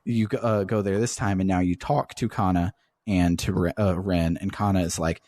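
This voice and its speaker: Podcast guy with a low voice, retelling a game story, swears a lot, dry close sound. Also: steady tone, measured pace, a little mellow, no room sound. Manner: swears casually while recounting the plot. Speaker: podcast host.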